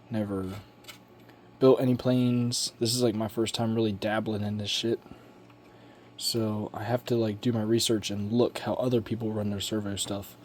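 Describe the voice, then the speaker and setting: A man's voice: medium pitch, darkish tone, a little hiss or hum. Rambling, slangy man in a home workshop. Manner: rambling and offhand, with slang and swearing. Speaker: hobbyist building a model plane. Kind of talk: casual workshop vlog.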